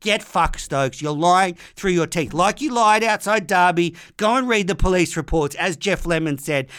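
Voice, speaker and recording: A young Australian man rants with open fury, swearing hard and hammering his points. His voice sits fairly high and sounds smooth and clear. The recording is close and dry, with no room around it. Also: fairly bright tone, no room sound. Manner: furious, sweary, ranting. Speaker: podcast host. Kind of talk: angry sports rant.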